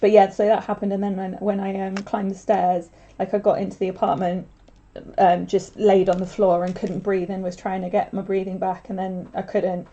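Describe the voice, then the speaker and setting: A woman's voice: medium pitch, flat delivery, moderate pace, dark tone, lo-fi sound. A young woman chatting casually on a craft livestream, rambling with lots of filler words.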